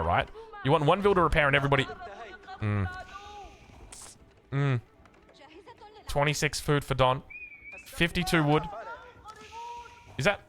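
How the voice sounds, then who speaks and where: A young Australian man casting a strategy video game match, getting excited and rising in pitch as the action picks up. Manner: excitable, rises sharply when action picks up. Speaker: game caster. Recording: faint music behind.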